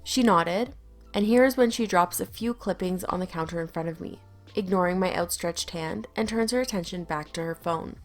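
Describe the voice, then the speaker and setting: A woman's voice: on the low side, normal speed, faint music behind. A young adult woman reading an online story aloud with a wry, storytelling delivery. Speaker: story narrator.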